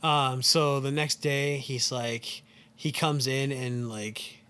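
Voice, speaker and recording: A man co-hosting a casual podcast, walking through a film plot scene by scene. He talks at a middling pitch with a bright, forceful tone. He leans on filler words and restarts as he goes. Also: steady tone, slow pace, clear, resonant tone. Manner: rambling, heavy use of "like" and "um". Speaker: podcast co-host.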